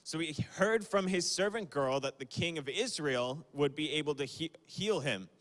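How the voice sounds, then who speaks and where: On a livestream, a young male youth speaker delivers a relaxed, conversational sermon, sprinkled with fillers and small apologies. His voice is a little high and fairly bright, with lively intonation and a moderate pace, and the recording carries a long hall reverb.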